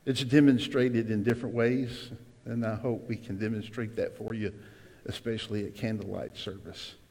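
A man preaching a sermon to his congregation as pastor, emphatic, with sudden loud cries and asides to the room. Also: lowish voice, fairly even intonation, moderate pace, gravelly. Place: church sanctuary. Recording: long hall reverb.

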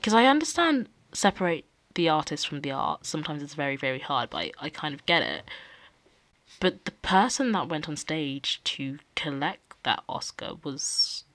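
A young woman hosting a podcast, talking in a casual, animated way and acting out quotes. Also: sits low, moderate pace, dry recording. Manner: animated, acts out quoted people. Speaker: podcast host. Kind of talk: casual opinion talk.

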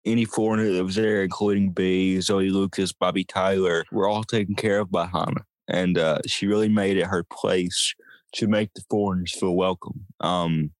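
A man's voice: sits low, steady tone, normal speed, no echo. A man co-hosting a casual podcast, filling in background knowledge with a dry, sarcastic streak. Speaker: podcast co-host. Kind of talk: casual chat.

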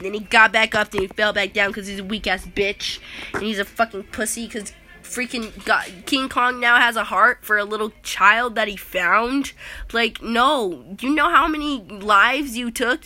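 A woman's voice: on the high side, sharp tone. A young woman in a casual, profane, rambling movie rant, exasperated and cursing.

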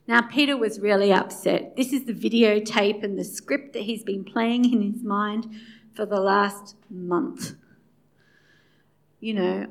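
A woman preaching a sermon in a conversational way, acting out the quoted dialogue as she goes. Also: medium pitch. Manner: conversational, acts out quoted dialogue with swings in loudness.

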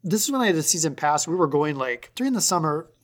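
A woman co-hosting a podcast in casual chat, telling stories animatedly. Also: fast talker. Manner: animated storyteller, jumps high on excited lines. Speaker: podcast co-host.

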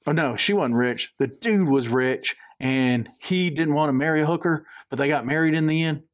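A man's voice: a little high, moderate pace. A man with a Southern accent co-hosting a podcast in casual chat, rambling and mixing up names. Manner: rambling, confused about names. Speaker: podcast co-host.

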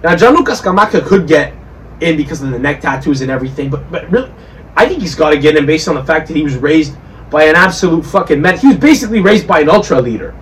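A drunk man rambles through a casual podcast chat, swearing and riffing on with a fairly high voice. He sits back from a distant mic, with a faint hiss of background noise behind him. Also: lively intonation, quick pace, fairly bright tone. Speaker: podcast host.

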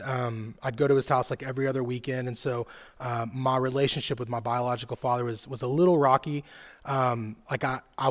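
A man in his thirties preaching a sermon to a live church audience, telling personal stories casually with lots of "like" and "right?", dropping soft and quiet then rising loud and excited. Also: mid-range voice. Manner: conversational storytelling, fillers like "like" and "right?". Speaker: youth pastor.

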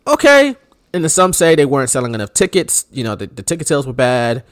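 A man co-hosting a podcast in casual chat, animated and joking. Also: mid-range voice, fast, dry recording, studio quality. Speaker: podcast co-host.

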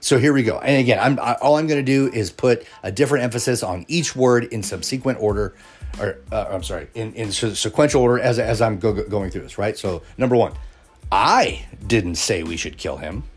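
A man's voice: medium pitch, a little fast, darkish tone, slightly rough, faint music behind. A man hosting a solo podcast, talking earnestly to his listeners with many restarts and rhetorical questions. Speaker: podcast host. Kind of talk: casual solo podcast monologue.

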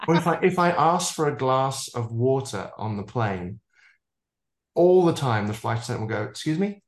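A man's voice: mid-range voice, animated, normal speed. Man futurist in a roomy echo. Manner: expansive, piles up examples, jokes about his own pronunciation. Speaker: futurist guest. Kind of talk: casual interview talk.

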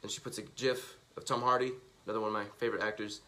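A man's voice: fairly low pitch, little pitch movement, fast, sharp tone. A man telling a casual, profane, self-mocking story to the camera while reading out tweets. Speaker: vlogger.

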